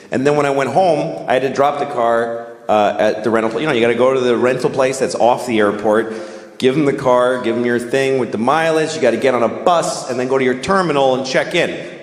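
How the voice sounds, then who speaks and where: A man doing stand-up comedy, telling a rambling conversational story. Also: mid-range voice. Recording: echoey hall recording.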